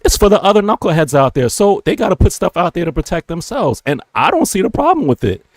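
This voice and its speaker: A man, co-hosting a live chat stream, talking in an animated, slangy, emphatic way. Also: sits high, fast, no echo. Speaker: livestream co-host. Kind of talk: casual chat.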